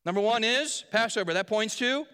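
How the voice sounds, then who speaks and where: Man, pastor, sermon, high voice, jokey, quizzes the congregation, long hall reverb. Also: lively intonation, a little fast, bright, forceful tone, clear, resonant tone. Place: church hall.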